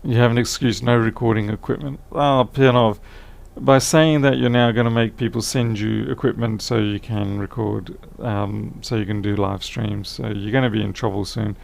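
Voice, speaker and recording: A man's voice: on the low side, steady tone, normal speed, hardly any pauses. A tired man chatting casually on a live stream, thinking aloud as he repairs a laptop, his voice fading. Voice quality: gravelly.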